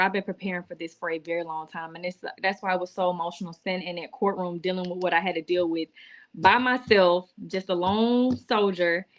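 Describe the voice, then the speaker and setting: Woman going live on her laptop, teary and emotional, talking faith to her viewers. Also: lowish voice. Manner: emotional, testifying, addresses viewers as y'all. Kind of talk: casual live-stream talk to viewers. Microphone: laptop or phone.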